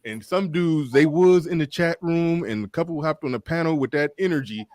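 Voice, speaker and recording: A man hosting a casual live panel chat, animated, often repeating himself to take the floor. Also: fairly high pitch, normal speed, no echo, clean studio sound. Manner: animated, keeps repeating "hold on" and "listen". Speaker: live panel show host.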